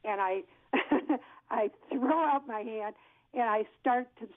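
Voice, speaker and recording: A woman in her sixties, an actress, telling an animated story in an interview and acting out what people said. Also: on the high side, slow, no echo. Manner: lively storyteller who acts out what people said. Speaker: actress guest. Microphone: telephone. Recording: tinny phone line.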